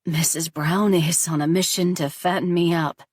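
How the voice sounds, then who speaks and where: A woman's voice: lowish voice, steady tone, moderate pace, darkish tone, no room sound, far from the mic, close to an everyday voice. A woman reading the lines of an earnest teenage boy in a storybook, speaking plainly in her own voice. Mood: cheerful. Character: teenage boy, son, shaken but hopeful.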